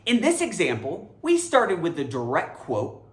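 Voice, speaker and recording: A woman giving a scripted grammar lesson, animated and emphatic. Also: fairly low pitch, a little slow, roomy sound. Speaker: English grammar teacher.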